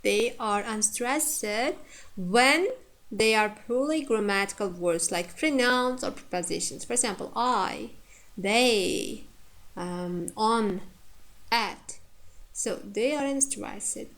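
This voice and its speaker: Slow, careful woman teaching word stress. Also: mid-range voice, a bit bright. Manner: repeats each example word slowly for emphasis; frequent hesitation fillers. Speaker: English phonetics teacher. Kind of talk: spoken lecture on word stress.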